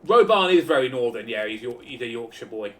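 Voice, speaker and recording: A man's voice: mid-range voice, lively intonation, fairly quick, a bit bright. A man streaming a game, chatty and joking, swearing for laughs. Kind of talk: casual gameplay commentary.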